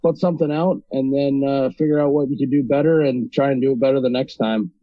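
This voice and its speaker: A man's voice: medium pitch, fast talker, dry recording, phone-quality sound. A man from North Dakota, a guest on a podcast, talking casually about his video channel with many ums. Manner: relaxed, with many ums and restarts. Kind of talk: casual interview talk.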